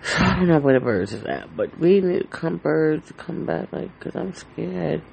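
A man's voice: fairly high pitch, expressive, moderate pace, gravelly, darkish tone, a little hiss or hum, poor audio. A man hosting a casual solo podcast from home, rambling in an anxious, heartfelt way with lots of fillers and swearing. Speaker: podcast host.

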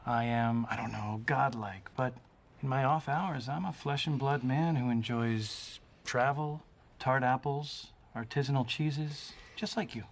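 A man playing a therapist, speaking in a smooth, self-assured, oddly formal way. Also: medium pitch, measured pace. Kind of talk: sitcom acting.

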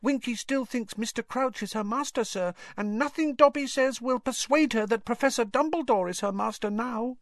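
A squeaky, devoted little house elf. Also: male voice, normal speed, hardly any pauses, no echo, studio quality. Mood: sad whisper. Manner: squeaky, speaks of himself in third person.

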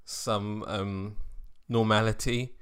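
A man co-hosting a podcast, talking politics in a sarcastic, jokey, animated way. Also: lowish voice, slow pace, clean tone. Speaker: podcast co-host. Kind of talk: casual political chat.

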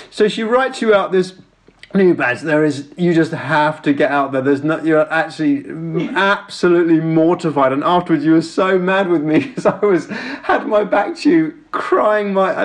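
A man sending a casual voice message, telling a funny story in an animated way and breaking into laughter. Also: high-pitched. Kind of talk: casual anecdote.

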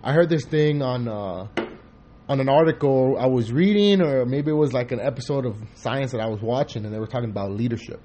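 A man hosting a podcast in casual chat, rambling and profane, telling animated stories. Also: medium pitch, fairly quick, a little hiss or hum. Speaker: podcast host.

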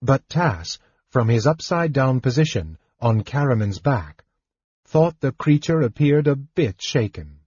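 A man narrating a fantasy audiobook in a measured, expressive storytelling manner. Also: mid-range voice, slightly rough, no echo. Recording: dull lo-fi dry recording.

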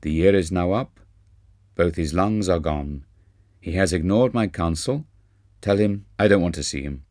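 A man reading an audiobook, voicing a stern older guru who speaks gravely and with authority. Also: low-pitched, darkish tone, no echo, studio quality, lightly acted. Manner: grave, measured.

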